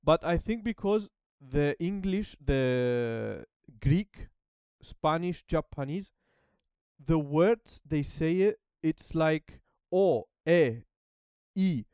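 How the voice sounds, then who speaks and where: A man chatting casually as a language-learning streamer, halting and repeating words while he searches for them. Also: fairly high pitch, animated, clear, resonant tone, dry recording, muffled recording. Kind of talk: casual rambling chat.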